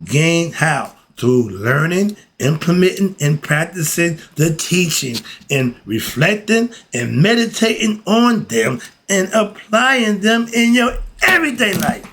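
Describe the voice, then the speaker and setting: A man's voice: high voice, very animated, takes it slowly, a bit bright. A man teaching philosophy in a casual, emphatic way, often throwing rhetorical questions at his listeners. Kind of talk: casual spoken lesson.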